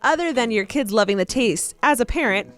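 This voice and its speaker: A woman's voice: on the high side, expressive, a little fast, faint music behind. A young adult woman co-hosting a podcast, bubbly and laughing, hamming up ad reads. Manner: bubbly, laughs a lot, hammy ad read. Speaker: podcast co-host. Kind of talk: casual chat reading ads.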